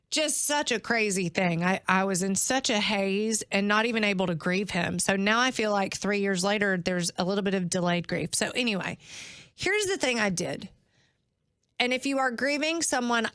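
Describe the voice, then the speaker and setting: A woman hosting a podcast, speaking emotionally and haltingly, close to tears. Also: medium pitch, a bit bright, clear, resonant tone, dry recording. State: tearful. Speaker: podcast host. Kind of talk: personal podcast monologue.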